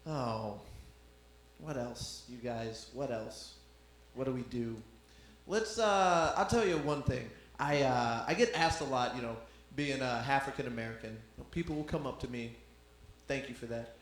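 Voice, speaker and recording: A man doing a stand-up comedy set, animated and acting out voices in his stories. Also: medium pitch, slow pace, long pauses. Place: club room with audience. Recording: echoey room.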